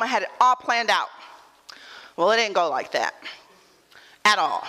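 A woman's voice: medium pitch, very animated, moderate pace, long pauses, pushed and bright, big-room sound. A woman pastor preaching a sermon, repeating lines with rising calls and telling stories in a casual tone.

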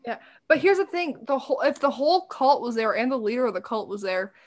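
A woman's voice: high-pitched, lively intonation, quick pace. A woman co-hosting a podcast, casually recapping a TV episode with blunt, sarcastic, profane remarks. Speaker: podcast co-host.

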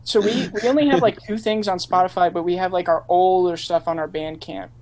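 A man's voice: sits high, a little fast, a little mellow. A man in a band, chatting playfully and cracking jokes in a casual interview. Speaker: band member. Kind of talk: casual chat.

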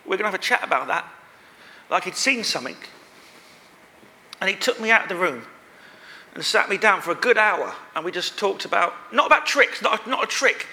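A man with a high, sharply bright voice tells a rambling, self-deprecating story as a guest at a live podcast recording. His voice carries the long reverb of the venue. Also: animated, moderate pace, pauses often. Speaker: guest performer. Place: stage at a live show.

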